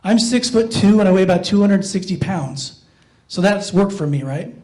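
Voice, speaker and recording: Middle-aged man, high, light voice, self-deprecating stand-up, works the crowd. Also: animated, moderate pace, warm tone. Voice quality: not very masculine voice. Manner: self-mocking, talks with the audience. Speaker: stand-up comedian. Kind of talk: stand-up comedy. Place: playhouse stage.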